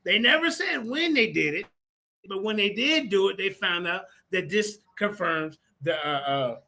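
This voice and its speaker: A man hosting a heated online debate show, talking like a preacher and addressing "ladies and gentlemen". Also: high voice, expressive, normal speed. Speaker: show host.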